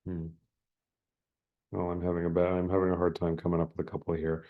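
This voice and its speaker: Man, exam-prep instructor, deep voice, hesitant delivery full of "um" and restarts, heard over a video call. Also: monotone, a little fast, phone-quality sound. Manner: hesitant, many fillers and word searches. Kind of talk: online teaching session.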